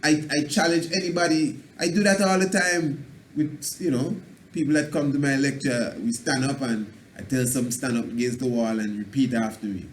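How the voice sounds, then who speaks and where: Man, spiritual teacher on a radio talk; loose preachy delivery, mid pitch, faint noise under it. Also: normal speed. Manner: preachy, rambling, plays out little scenes in a dialect voice. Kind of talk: radio self-help talk.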